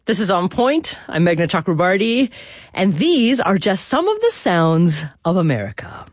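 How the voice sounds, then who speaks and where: A woman hosting a public radio talk show, articulate and expressive, with a few restarts when she speaks off the cuff. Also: medium pitch, moderate pace, dry recording, soft background music. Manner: articulate, animated, occasional restarts.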